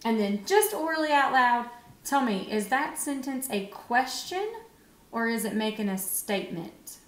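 Young woman teacher, fairly high voice, unhurried encouraging phonics lesson, roomy echo. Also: lively intonation, a bit bright. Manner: slow, encouraging, sounds words out with pauses. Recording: echoey room.

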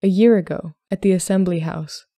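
A woman reading as a plain-spoken young gentleman suitor who talks in a calm, matter-of-fact way. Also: high-pitched, brisk, no echo, clean studio sound. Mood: steady.

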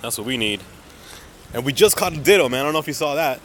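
A man's voice: medium pitch, animated, fast, fairly bright tone, slight background noise. A young man live-streaming a mobile game outdoors on a city street, chatting to viewers in a hyped, slangy way and calling everyone dude and man.

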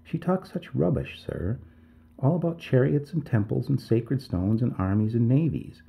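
Over tinny, phone-quality audio, a man voices a distressed middle-aged village mother begging respectfully and calling him sir again and again. His delivery is very animated and gravelly, lowish in pitch, at a normal pace.

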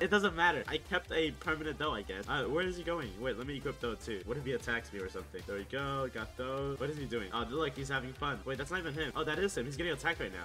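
Excitable man doing gameplay commentary. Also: a little high, fast, few pauses, faint music behind. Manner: excitable, laughing, exclamatory. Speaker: gaming video host.

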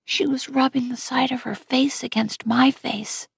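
Slow, husky woman reading a novel quietly. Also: high voice, fairly even intonation, dry recording, studio quality. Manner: quiet, gentle, often near a whisper. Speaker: audiobook reader. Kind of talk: first-person novel reading.

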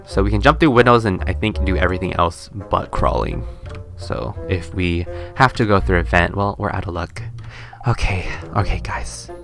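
A young man giving casual, excitable commentary while playing a game, often gasping and squealing when startled. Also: sits low. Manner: chatty, excitable, gasps and squeals when scared. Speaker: gaming YouTuber. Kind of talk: casual let's-play commentary. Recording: faint game music behind.

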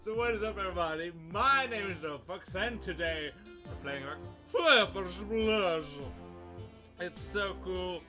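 A man hosting a casual let's-play, reading game text aloud haltingly and breaking into sudden shouted outbursts. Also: high voice, over music. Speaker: gaming channel host.

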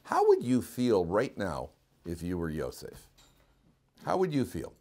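A man teaches a Torah class as a rabbi, spinning stories with lively energy and acting out the voices of the people in them. His voice sits a little low, and he breaks into laughter as he goes. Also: a little slow. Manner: animated storyteller, acts out quotes and laughs often. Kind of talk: storytelling Torah lecture.

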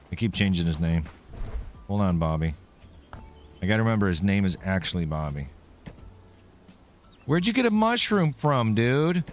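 A man streaming a game, joking crudely and mocking the characters' dialogue as he plays. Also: low voice. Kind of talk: casual gameplay commentary.

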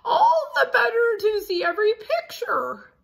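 A woman voicing a sniffing male wolf who loves books, talking high and eager and cutting himself off. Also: very animated, unhurried, vocal fry, fairly bright tone, heavily acted. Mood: smug. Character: sniffing, book-loving male wolf, sly then pleading.

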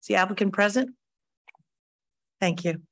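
A woman with a medium-pitched voice chairs a county planning commission meeting, moving through the agenda in a relaxed, slightly halting way.

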